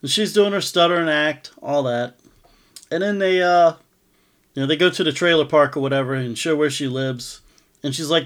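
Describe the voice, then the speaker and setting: A man's voice: a little high, normal speed. A man co-hosting a casual podcast, ranting in an indignant, profane way and often laughing. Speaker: podcast co-host.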